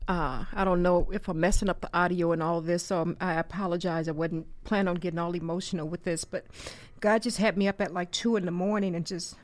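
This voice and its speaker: A woman's voice: fairly low pitch, fairly even intonation, a little fast, few pauses, no echo. A middle-aged woman hosting a faith podcast, crying and talking in a heartfelt, rambling way with many fillers. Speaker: podcast host.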